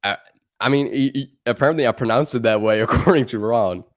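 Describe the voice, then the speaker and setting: A man's voice: mid-range voice, brisk. A young man with a Dutch accent, chatting loosely on a livestream, laughing and swearing as he rambles. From Netherlands. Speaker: livestream co-host. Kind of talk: casual livestream chat.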